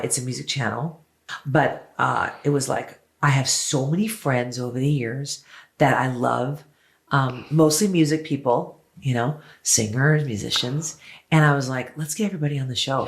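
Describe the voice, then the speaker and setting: An effusive woman singer chats as a guest on an interview show. She tells her stories with big enthusiasm and swears freely along the way. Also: rumbling low. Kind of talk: casual interview chat.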